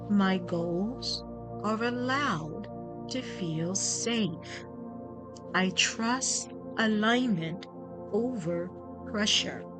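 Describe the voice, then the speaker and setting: A woman guides listeners through a meditation at a slow, unhurried pace, her voice calm and instructive. Her pitch sits in an ordinary middle range. New-age music plays clearly behind her. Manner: slow, soothing, gently instructive.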